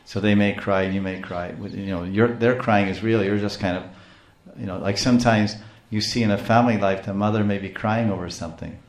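A man's voice: lowish voice, steady tone, brisk, echoey room. A man giving a scripture lecture as a spiritual teacher, telling stories with frequent restarts. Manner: storytelling, acts out quotes, frequent restarts.

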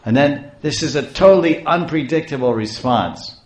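A man's voice: on the high side, animated, moderate pace. A man telling a scripture story in a lecture, chanting verses and chuckling as he explains, recorded in an echoey room. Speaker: speaker on scripture. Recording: roomy echo.

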